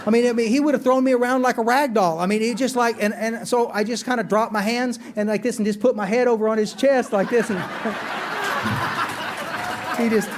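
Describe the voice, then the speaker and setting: A man telling his recovery story to a meeting, earnest and animated, often repeating words as he goes. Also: extremely high pitch, quick pace, few pauses, crowd noise, background noise.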